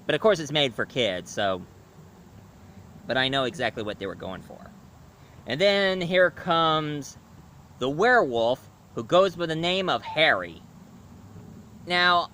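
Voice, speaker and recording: A man giving a casual video review, talking haltingly with frequent restarts and self-corrections. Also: fairly high pitch, pushed and bright, slight background noise.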